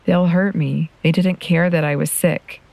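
A woman reading a story, voicing a frightened, clingy young boy with slow, pleading lines. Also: fairly low pitch, steady tone, vocal fry, a little mellow, no echo. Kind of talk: audiobook reading.

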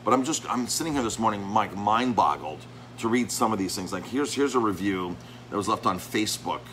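A man's voice: fairly low pitch, animated, a little fast, a bit bright, slight background noise, poor audio. A man who owns a restaurant and cooks there, talking casually about reviews of his place, rambling with many restarts and repeated words. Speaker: restaurant owner and chef. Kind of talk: casual talk to camera.

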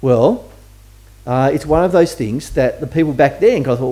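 A man's dark-toned, medium-pitched voice moves at a moderate pace as he preaches to a church congregation. The pastor keeps his sermon conversational and chatty, questioning the congregation as he goes.

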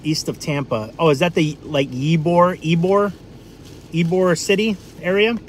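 A man's voice: on the high side, animated, normal speed, slight background noise. Chatty New man on a livestream. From New England. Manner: rambling, chatty, lots of fillers. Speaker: livestream food vlogger. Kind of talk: casual live-stream chat.

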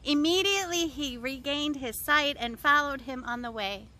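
A woman pastor reads scripture and leads a spoken prayer in a high, bright voice. Her delivery is slow and earnest, and she returns again and again to repeated refrains.

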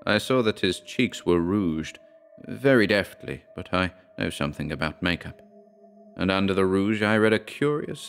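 A man giving a measured, dramatic reading of a horror story. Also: low-pitched, fairly bright tone. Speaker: audiobook narrator. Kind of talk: scripted horror narration.

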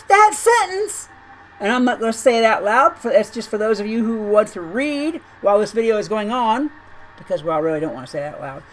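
A woman's voice: a little high, poor audio. A woman making a chatty gaming video, talking in an incredulous, rambling way and often repeating her words. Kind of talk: chatty commentary over gameplay.

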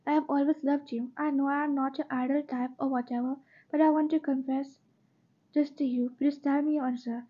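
A woman's voice: high voice, little pitch movement, fairly quick, muffled recording, natural voice. Woman voicing a shy heartbroken girl. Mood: pleading. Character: heartbroken shy young woman, college student.

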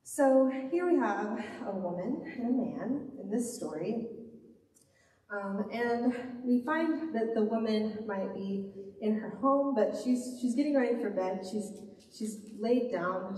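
A woman's voice: mid-range voice, a little mellow, distant mic. Woman preaching in an echoey church hall. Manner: earnest, heartfelt preaching with repeated phrases. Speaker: pastor. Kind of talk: sermon. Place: church sanctuary.

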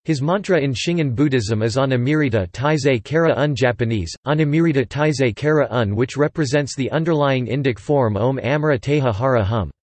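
A computer-generated man's voice reading an encyclopedia article in an even, flat machine delivery. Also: mid-range voice, fairly quick, hardly any pauses, no room sound. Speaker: text-to-speech reader.

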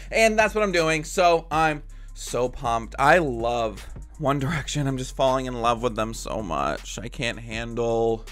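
A man hosting a reaction video, talking in a gushing, excitable and emotional way. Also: mid-range voice. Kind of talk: casual reaction commentary. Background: faint music.

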